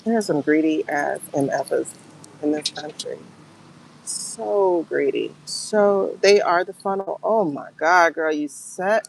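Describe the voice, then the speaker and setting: A woman's voice: low-pitched, takes it slowly, creaky, a little hiss or hum, poor audio. A woman giving a livestream tarot and pendulum reading, talking to her viewers in an emotional, exclaiming way.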